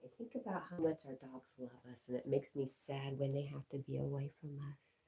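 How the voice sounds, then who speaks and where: A woman's voice: very deep voice, steady tone, brisk, warm tone, roomy sound, far from the mic. A woman hosting a casual home livestream, coaxing her dog affectionately and reading out viewer comments. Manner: reads viewer comments aloud. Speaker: livestream host. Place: at home indoors.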